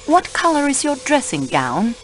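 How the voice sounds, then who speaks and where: A woman voicing a polite, formal male detective with a French accent in a radio play, asking calm, measured questions. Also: sits high, slight background noise.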